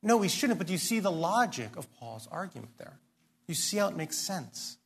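A man's voice: high-pitched, very animated, moderate pace, vocal fry, breathy edge. A man preaching a sermon, earnest and emphatic, often posing questions and restarting his sentences. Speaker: pastor.

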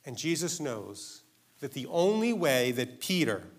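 A man's voice: mid-range voice, big pitch swings, a little slow. A man preaching a sermon in an earnest, emphatic way, asking his listeners direct questions.

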